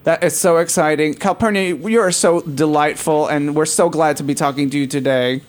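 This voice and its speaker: A man's voice: a little high, steady tone, normal speed. A man hosting a casual chat show, joking and flamboyant. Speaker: host.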